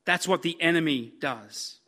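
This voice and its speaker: Man, preacher; high bright voice, slow emphatic sermon delivery. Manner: earnest, emphatic, building repetition.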